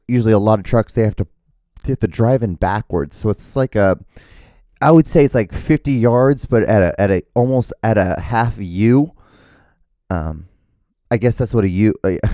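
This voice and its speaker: Low, dark-voiced rambling man podcaster. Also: dry recording, clean studio sound. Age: 30s. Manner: meandering, profane, self-mocking, with many fillers and restarts. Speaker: podcast host. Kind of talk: rambling solo podcast monologue.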